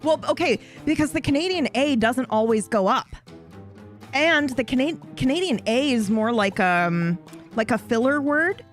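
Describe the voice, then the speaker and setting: A woman's voice: high voice, normal speed, faint music behind. A woman streamer chatting casually and with feeling, swearing and wandering into asides. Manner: animated, swears, rambles with asides. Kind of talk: casual chat.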